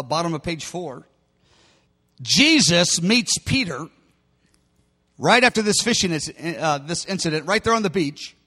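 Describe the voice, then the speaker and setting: A man preaching a sermon, telling the story dramatically and at times rising to a shout. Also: high-pitched, big-room sound. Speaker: pastor.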